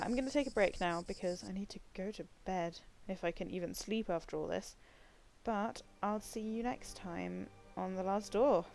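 A young woman casually commenting as she plays a horror game, sweary and quick to react. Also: medium pitch, a little mellow, slight background noise, poor audio. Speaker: let's play host.

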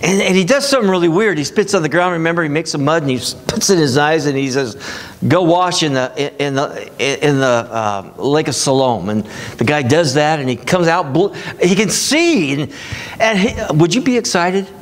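A man's voice: fairly high pitch, animated, normal speed. A man preaching a sermon as pastor, talking in a conversational way and acting out the voices of people he quotes.

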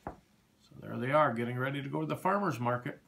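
A man reading a children's picture book aloud in an animated, sing-song storytelling manner. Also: medium pitch, a little fast, creaky, a little hiss or hum.

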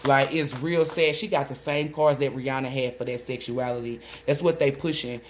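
A woman giving a solo tarot reading, rambling excitedly and swearing as she relays messages she says come from a spirit. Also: a bass voice, moderate pace, noisy background. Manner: swoops between loud outbursts and muttering. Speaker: tarot reader.

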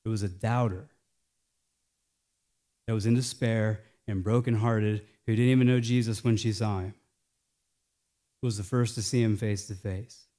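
An American male pastor delivering a sermon, swinging between hushed, slowed phrases and loud, emphatic lines. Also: on the low side, fairly even intonation.

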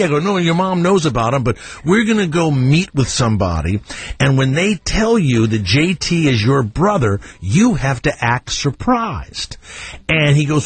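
A man's voice: mid-range voice, big pitch swings, normal speed, slightly rough, no room sound. A middle-aged man hosting a radio talk show, telling a profane, comic family story and acting out the voices.

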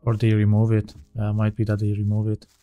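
A man's voice: fairly low pitch, monotone, a little fast, mellow, no room sound, soft background music. A man giving casual let's-play commentary as he plays, thinking aloud and often correcting himself mid-sentence. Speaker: gaming channel host.

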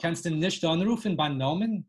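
A calm, learned old wizard headmaster, read aloud by a woman in slow, deliberate phrases. His speech is unhurried and even. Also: fairly low pitch, close to an everyday voice. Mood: measured. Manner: slow deliberate reading of quoted Yiddish dialogue.

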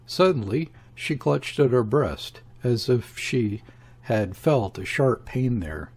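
A man reads a classic novel aloud in a measured, steady way. His voice sits at an ordinary pitch and has a husky, slightly breathy grain. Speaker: audiobook narrator. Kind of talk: scripted narration of a classic novel.

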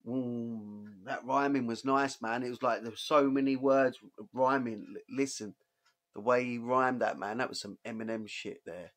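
A man hosting a music reaction video, giving casual and excited commentary, swearing freely and stopping to point out moments he likes. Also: medium pitch, moderate pace.

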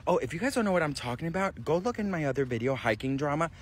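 A man spilling celebrity gossip with loud sass and drama, talking straight to his viewers as his best friends. He swears freely and overshares without a filter, in an animated chatty vlog style. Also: on the high side, rapid-fire, slight background noise. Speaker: gossip vlogger.

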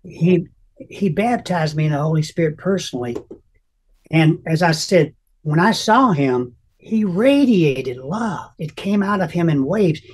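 An older man telling an emotional personal testimony as an interview guest, earnest and halting, often restarting his sentences. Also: on the high side, a little mellow, slightly rough.

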